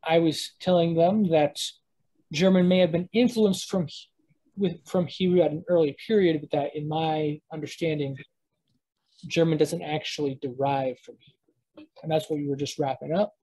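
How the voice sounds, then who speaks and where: A teacher talks through a casual lesson in a husky, breathy voice at an ordinary middle pitch. The delivery rambles, with frequent fillers, restarts, and thinking aloud while explaining. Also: steady tone, normal speed, warm tone, poor audio. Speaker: language teacher.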